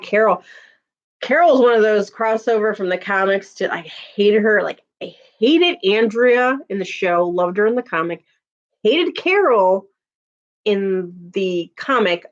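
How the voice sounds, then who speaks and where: A woman's voice: lowish voice, lo-fi sound. A woman in her thirties chatting casually on a live stream, laughing often and answering viewer comments.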